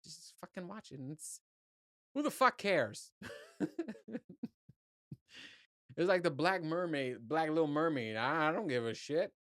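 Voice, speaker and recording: Animated yet unhurried, a man with a slightly high, fairly bright voice pauses often while hosting his own podcast. This solo monologue is loose, profane and laid-back, captured in a dry, studio-quality recording.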